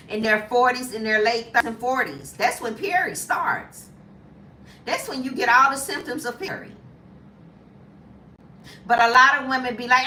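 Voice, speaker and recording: A woman in her fifties chatting casually as a lifestyle vlogger, animated and jumping to high squeals when acting out reactions. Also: reverberant, far from the mic, slight background noise. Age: 50s. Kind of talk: casual chat.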